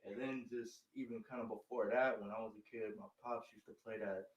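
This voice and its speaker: A man's voice: on the low side, fairly even intonation, fairly quick, roomy sound, dull audio, a little hiss or hum. A young man talking casually as a guest in an interview, laid-back and peppering his talk with "you feel me". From northern Illinois. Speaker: guest rapper.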